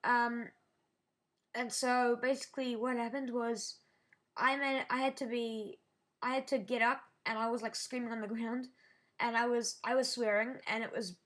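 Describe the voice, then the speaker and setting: High-voiced woman telling a shaky story. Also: level tone, fairly bright tone. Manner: halting, restarts sentences, shaken while recounting. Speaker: YouTuber. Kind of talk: casual storytelling vlog.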